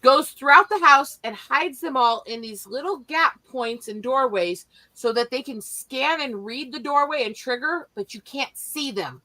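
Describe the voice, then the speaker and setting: A woman telling family stories in a casual chat, animated and profane, often laughing as she talks. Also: high-pitched, a little slow, few pauses, low-quality recording.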